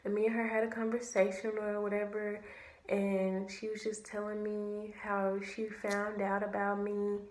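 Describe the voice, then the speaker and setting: A young woman telling a story to camera, animated and slangy, swearing freely. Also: medium pitch, a little slow, a little hiss or hum. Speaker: vlogger. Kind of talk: casual storytime. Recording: echoey room.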